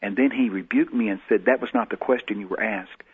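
Low husky man, tinny sound. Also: fairly quick. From Texas. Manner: folksy storytelling, acts out the voices he quotes. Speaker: guest prophet. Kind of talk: telling personal stories in a TV interview.

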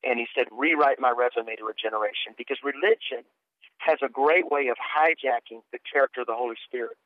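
Heard through a dry, tinny phone line without room sound, a middle-aged man speaks briskly at medium pitch. He's a guest minister and author on radio, earnestly recounting his testimony and stumbling over restarts.

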